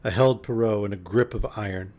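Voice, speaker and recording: Male streamer, lowish voice, bedtime-story reading, expressive, with wry asides. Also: brisk. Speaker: streamer reading a novel aloud.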